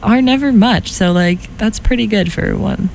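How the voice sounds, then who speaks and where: A young woman hosts a college radio show from the studio, her voice a little worn and hoarse. She talks in a chatty, giggly way and pokes fun at herself, with a faint hiss in the background. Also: medium pitch, moderate pace, darkish tone. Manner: chatty, giggly, self-deprecating. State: losing her voice. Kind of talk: casual chat. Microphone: studio microphone.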